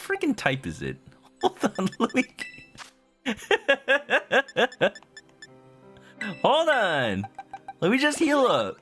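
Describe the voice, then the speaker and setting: A man's voice: very high voice, huge pitch swings, drawn-out words, long pauses, sharp tone. A man streaming a video game, chatting playfully with his viewers and humming to himself. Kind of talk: casual game commentary. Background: game music.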